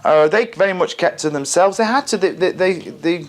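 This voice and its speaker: Rambling older Englishman reminiscing. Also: high-pitched. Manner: rambling, halting, repeats words, chuckles often. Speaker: interviewee, band member. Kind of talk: casual reminiscing.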